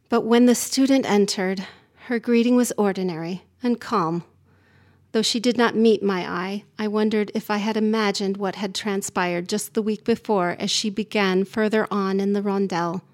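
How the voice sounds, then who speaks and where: A woman narrating a literary story in the first person, calm and measured. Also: medium pitch.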